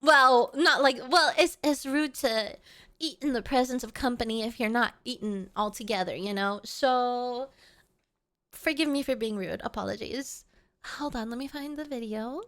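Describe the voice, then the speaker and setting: Woman, streamer, high voice, playful, giggly, rambling casual chat. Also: moderate pace, a bit bright. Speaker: VTuber streamer. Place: at home.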